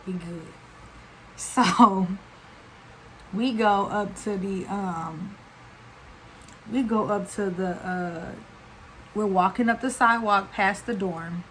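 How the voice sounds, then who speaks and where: A woman's voice: mid-range voice, slow pace, long pauses, a bit bright, a little hiss or hum, low-quality recording. Chatty young woman telling a story. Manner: chatty, slangy, runs on with fillers. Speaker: vlogger. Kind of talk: casual storytime.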